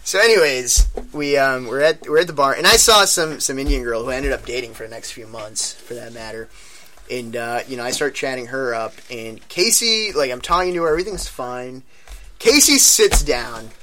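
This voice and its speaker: A man's voice: medium pitch, moderate pace, a little hiss or hum. A young man telling a wild night-out story to friends, laughing often and acting out what people said. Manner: animated storyteller, swears, laughs often, acts out quotes. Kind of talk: casual storytelling among friends.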